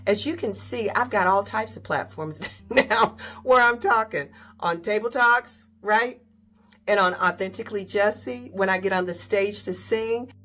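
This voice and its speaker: A woman's voice: mid-range voice, fairly bright tone. A woman hosting a faith-based motivational talk, speaking in a direct, emphatic way and often asking "right?". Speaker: host.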